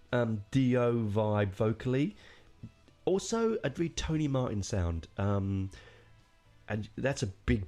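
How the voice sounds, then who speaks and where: A man with a fairly low voice chats casually through an album review, excited and digressive, full of fillers and the odd swear word. Faint music plays underneath his voice. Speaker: podcast host reviewing a metal album.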